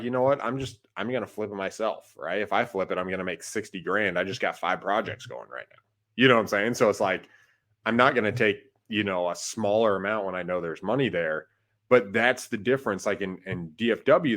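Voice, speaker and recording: Low-voiced man giving casual podcast advice. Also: fairly bright tone. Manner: conversational, peppers talk with "right?" and "like". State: has the hiccups. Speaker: podcast co-host, wholesaling investor.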